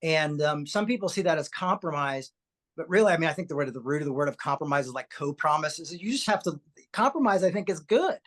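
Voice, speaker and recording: A podcast host telling personal stories in an animated, anecdotal way, often repeating words. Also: mid-range voice, a little fast. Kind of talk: podcast conversation, personal storytelling.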